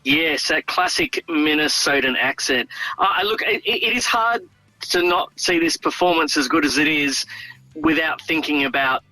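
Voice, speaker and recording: Guest reviewer, man, bright lively voice, opinionated, dry close mic. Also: on the high side, normal speed, no room sound, soft background music, low-quality recording. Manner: animated, opinionated, starts with "look". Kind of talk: casual film review.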